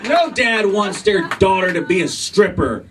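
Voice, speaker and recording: A man in his thirties doing a profane stand-up set on a comedy club stage, jumping into loud, shouted voices of his wife and kids. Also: high voice, lively intonation, unhurried, noisy background. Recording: roomy club sound from far off, audience laughter. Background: laughing club audience.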